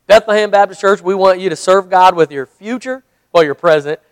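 A man's voice: high-pitched, a little fast, dry recording. A man, a pastor, leading a Bible study, reading scripture aloud and explaining it in a conversational way.

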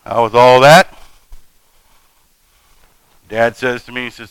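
Man, preacher; bright, crisp, dry sound; folksy, jokey sermon style. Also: medium pitch, fairly even intonation, slow pace, no room sound, poor audio. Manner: folksy, jokey asides between scripture reading.

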